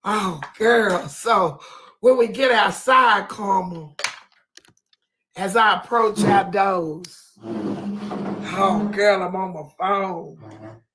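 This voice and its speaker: A woman telling a comic story in a persona, animated and dramatic, repeatedly exclaiming and swinging between loud outbursts and hushed asides. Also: medium pitch, drawn-out words, pauses often, a little hiss or hum. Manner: animated, exclaims "oh, girl" over and over.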